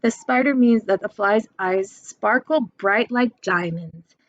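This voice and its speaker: A young woman teaches a poetry lesson to students at home, taking it slowly and spelling out terms. Her voice sits at an ordinary pitch. The recording is dry and a little muffled, as if made on a simple home mic. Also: no echo. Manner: patient, slow and clear, spells words out.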